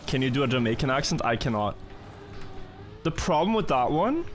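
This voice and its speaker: A man's voice: medium pitch, very animated, normal speed, a little hiss or hum. A young man chatting casually with his viewers during a live game stream, rambling and joking as he thinks aloud. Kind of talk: casual live-stream chat while gaming.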